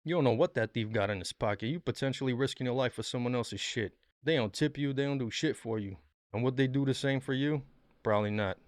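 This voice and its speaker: A man's voice: mid-range voice, quick pace, dry recording, studio quality. A man hosting a reaction video, giving blunt, profane, mocking commentary on viral clips. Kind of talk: casual commentary.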